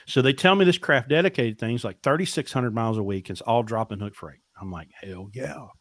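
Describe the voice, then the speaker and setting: A man's voice: mid-range voice, a little fast, a bit bright, no echo. A middle-aged man, a podcast guest telling blunt, profane stories and acting out dialogue. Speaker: podcast guest, truck driver. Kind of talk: casual storytelling interview.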